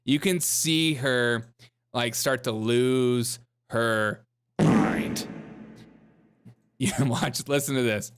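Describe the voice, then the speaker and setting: Male host, sarcastic and mocking, clean resonant voice, mid pitch. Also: very slow, long pauses, clear, resonant tone. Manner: mocking, laughing asides. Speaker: political commentary host. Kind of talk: sarcastic commentary over clips.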